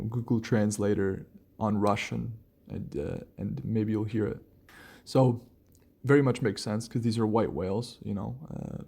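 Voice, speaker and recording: Gravelly, low-key male podcast host. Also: mellow. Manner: rambling, many restarts and fillers. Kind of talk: relaxed solo podcast rambling.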